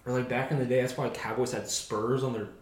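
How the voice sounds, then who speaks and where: A man's voice: mid-range voice, fairly even intonation, brisk. A young man co-hosting a podcast, chatting in easygoing, jokey banter. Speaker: podcast co-host. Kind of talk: casual chat. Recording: roomy echo.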